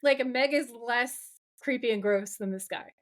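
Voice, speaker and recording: A woman co-hosting a podcast, recapping a TV episode in casual chat with dramatic, animated retelling and occasional swearing. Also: on the high side, unhurried. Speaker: podcast co-host.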